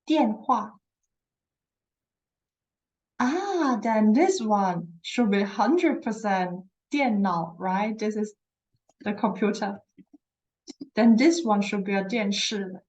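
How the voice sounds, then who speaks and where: A woman teaching a beginner Chinese lesson, repeating words slowly and encouraging her learners. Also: medium pitch, darkish tone, low-quality recording. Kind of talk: slow, patient language lesson.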